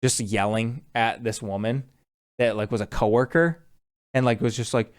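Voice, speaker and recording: A man co-hosting a podcast, chatting casually and telling stories with lively acted-out quotes. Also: mid-range voice, normal speed, smooth. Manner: animated storyteller who acts out quoted people. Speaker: podcast co-host. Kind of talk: casual chat.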